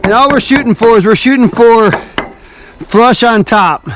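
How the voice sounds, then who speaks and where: Heavy background noise surrounds an extremely high-pitched man speaking at normal speed. This builder and channel host narrates a casual construction vlog on a cold outdoor site, chatty and upbeat, explaining steps as he works while breathing hard from the cold and climbing, filmed with an action camera.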